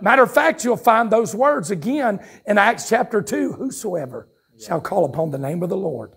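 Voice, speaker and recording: Fiery Southern preacher, high gravelly shouts. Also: male voice, animated. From North Carolina, USA. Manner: fiery shouting preacher with a folksy drawl, quick asides and chuckles. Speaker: pastor. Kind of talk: revival sermon. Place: church sanctuary at a campmeeting. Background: congregation calling out responses.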